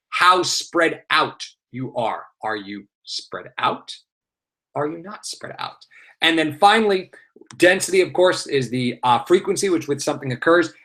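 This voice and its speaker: A man's voice: on the high side, pushed and bright. A male teacher with a New York accent, running a live online exam review and explaining terms through rhetorical questions and many filler sounds.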